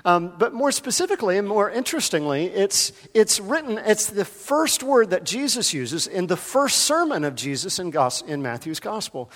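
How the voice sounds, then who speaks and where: Conversational pastor with a ringing hall sound. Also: male voice, high voice, sing-song, moderate pace, hardly any pauses, fairly bright tone. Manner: conversational, addresses congregation members by name. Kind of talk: sermon. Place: church sanctuary. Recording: long hall reverb.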